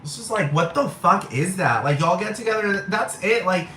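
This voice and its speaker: A man's voice: high voice, expressive, moderate pace, bright, forceful tone, slight background noise. A man giving a blunt, heated, profane rant as a vlogger, repeating his points. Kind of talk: profane ranting monologue. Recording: echoey room.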